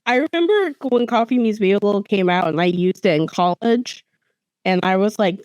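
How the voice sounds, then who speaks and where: A young woman co-hosting a podcast in casual chat, giggly and animated, with quick reactions. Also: mid-range voice, smooth, no room sound. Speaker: podcast co-host.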